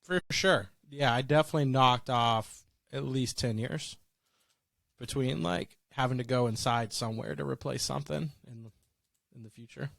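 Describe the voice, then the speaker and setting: A man's voice: mid-range voice, moderate pace, gravelly, a bit bright, dry recording. Male co-host, easygoing, chuckles a lot, dry close recording. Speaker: podcast co-host. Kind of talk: casual podcast chat. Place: in Florida.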